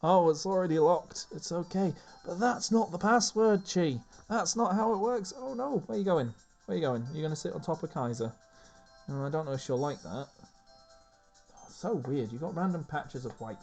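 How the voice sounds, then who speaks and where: Man, casual gaming commentary, chatty, rambling, lively pitch. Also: normal speed, creaky, faint music behind. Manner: chatty, rambling, talks to his cats. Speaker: let's play host.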